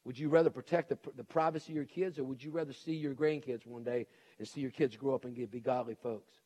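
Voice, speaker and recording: A man's voice: medium pitch, fairly even intonation, fast talker, warm tone. A middle-aged man preaching a sermon as pastor, earnest and pleading, with repeated urgent appeals to his congregation.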